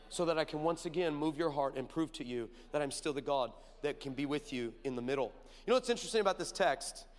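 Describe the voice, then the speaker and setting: A young male preacher with a high, bright voice delivers a lively sermon, swinging from loud storytelling into quiet, low asides. He keeps asking the room whether they follow him. His voice rings out with a long reverb, as if in a large hall. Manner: animated storytelling with asides to the crowd.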